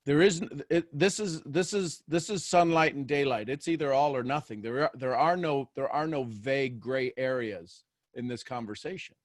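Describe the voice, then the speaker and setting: A man's voice: medium pitch, moderate pace, no room sound, clean studio sound. A man hosting a daily motivational show, talking live to listeners. He keeps asking them questions and repeats phrases as he builds each point.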